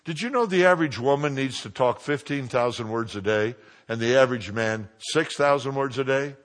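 A man preaching a sermon, joking with his congregation and swinging from quiet asides to loud exclamations. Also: mid-range voice, moderate pace.

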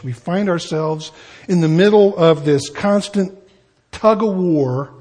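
A man's voice: fairly high pitch, warm tone, breathy edge. A man preaching an expository sermon in a conversational way, with asides and shifting emphasis. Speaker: pastor.

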